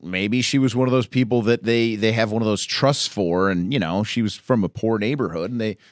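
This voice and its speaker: A man's voice: fairly low pitch, fairly quick, no echo. A man co-hosting a comedy podcast, teasing his co-host and firing off mock-detective questions on a studio mic. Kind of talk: casual comedic podcast chat. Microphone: studio microphone.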